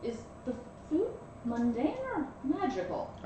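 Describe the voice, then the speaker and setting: A woman's voice: high voice, big pitch swings, a little slow. A woman playing a tabletop game, asking dry, skeptical questions. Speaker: player. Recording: very echoey room, distant mic, faint hiss.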